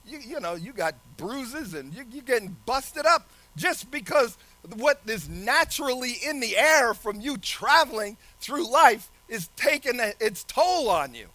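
A man preaching a lively sermon, laughing often and shouting some phrases. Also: very high-pitched, a little slow, no room sound.

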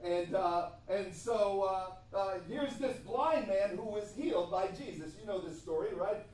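A man's voice: high-pitched, a little slow, darkish tone. A man preaching a sermon, with emphatic repetition and frequent hesitations. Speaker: pastor. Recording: echoey room from far off.

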